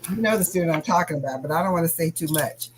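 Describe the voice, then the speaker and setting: A woman's voice: deep voice, rapid-fire, heavy background noise. A woman chatting casually while crafting on a livestream, greeting viewers by name as she works.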